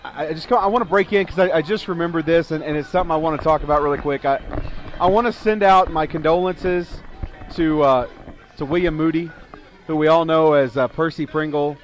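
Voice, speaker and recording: A man co-hosting a wrestling talk show, chatting casually and starting halting, stammering sentences. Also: fairly high pitch. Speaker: wrestling podcast co-host. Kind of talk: casual chat.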